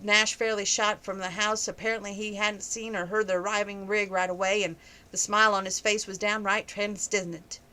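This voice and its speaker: A woman reading a romance novel aloud at an even pace, now and then noting page numbers. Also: mid-range voice, moderate pace, low-quality recording. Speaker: book reviewer reading aloud.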